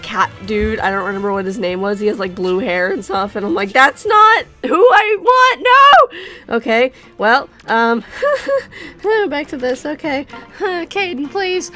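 A young woman giving casual, excitable commentary on her game summons, pleading and laughing often. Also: on the high side. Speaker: gaming YouTuber.

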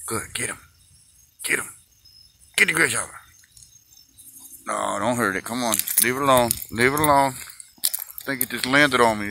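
Guy mouthing off at his dog on a walk, swears a lot, filmed on a phone outside, loud background noise. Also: medium pitch. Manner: crude, teasing, swears a lot. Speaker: dog owner filming a walk. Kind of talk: casual filmed chatter to a dog. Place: outdoors on a roadside walk. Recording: noisy outdoor phone recording.

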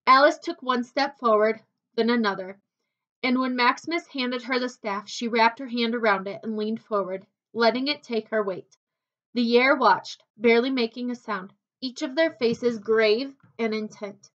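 A woman reading a children's novel aloud with expressive, unhurried narration. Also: on the high side. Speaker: storybook reader. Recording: dull lo-fi recording.

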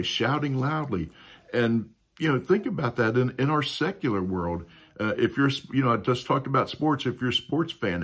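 Husky-voiced man teaching Sunday school. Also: medium pitch. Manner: conversational, with frequent "you know" asides and rhetorical questions. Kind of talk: teaching a Bible lesson.

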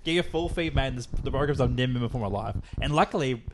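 A young man co-hosting a podcast, telling a story in casual, swearing, animated chat. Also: medium pitch, background noise. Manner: rapid, animated, laughing. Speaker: podcast co-host.

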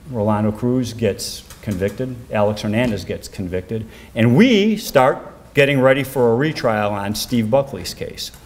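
An older man, a former defense lawyer telling a case story in a documentary interview, his pitch rising when he quotes others.

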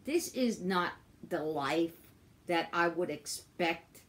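A woman's voice: on the low side, lively intonation, slow pace, a bit bright. An older woman, stressed and upset, in an angry personal vlog rant, swearing and repeating herself. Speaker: vlogger.

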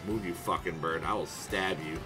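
A man streaming himself playing a video game, swearing a lot and swinging from low mutters to loud outbursts at the game. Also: steady tone, moderate pace. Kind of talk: casual live gameplay commentary. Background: game music.

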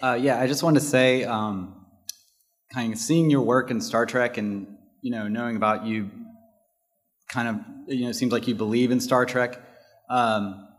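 A man's voice: mid-range voice, steady tone, moderate pace, pauses often. A man in the audience asking a question at a panel, hesitant and full of fillers.

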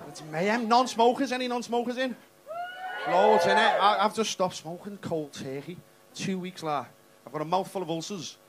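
A man's voice: high-pitched, normal speed. A man, doing a brash, sweary stand-up set on a comedy club stage, teasing the crowd. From England. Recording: noisy live club recording. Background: audience laughter.

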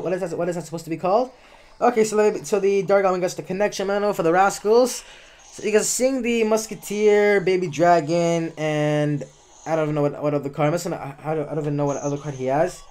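A man's voice: high voice, darkish tone. A man giving casual live commentary on his own gameplay, chatty and often correcting himself as he talks through each move.

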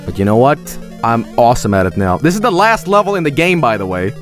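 A man streaming a game, commenting with sudden yelps, shouts and swearing. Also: mid-range voice, sing-song, quick pace, faint music behind. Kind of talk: live gameplay commentary.

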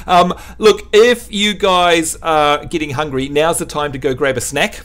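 A man's voice: a little high, fairly even intonation, slow pace, a bit bright. A man hosting a casual game livestream, joking with his chat and teaching the basics. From New Zealand. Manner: chatty, jokey, teasing the chat. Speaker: livestream host.

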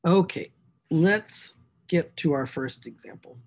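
A man's voice: a little high, takes it slowly, slightly rough. A man teaching a math class, working through equations aloud and stressing key words as he writes. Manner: talks to himself while writing equations, animated emphasis. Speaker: math instructor. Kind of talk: recorded class lecture.

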